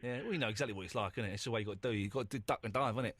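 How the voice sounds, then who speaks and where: A man's voice: on the low side, rapid-fire, crowd noise. A man hosting a comedic radio phone-in from a studio, bantering in a brash mock-common geezer manner. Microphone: close studio mic.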